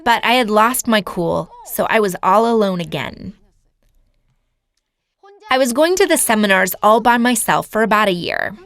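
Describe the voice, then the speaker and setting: A woman's voice: mid-range voice, expressive, moderate pace, a bit bright. A woman giving a lecture as an earnest personal testimony, telling her story to a seminar audience. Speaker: seminar speaker.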